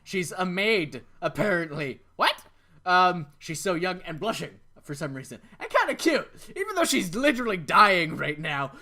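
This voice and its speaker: A man hosting a let's play, reading a visual novel aloud with dramatic narration broken by excited outbursts. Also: high-pitched, normal speed.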